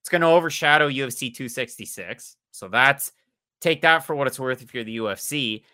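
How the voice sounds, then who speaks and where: A man from Canada, co-hosting a casual podcast chat in an animated, joking way. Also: medium pitch, brisk. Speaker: podcast co-host.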